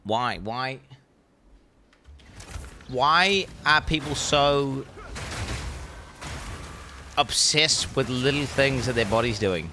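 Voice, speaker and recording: Brief: young male game streamer, bright edgy tone, excitable ranting chat with viewers, curses freely. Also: mid-range voice, extremely slow, pauses often, a little hiss or hum. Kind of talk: casual live-stream chat.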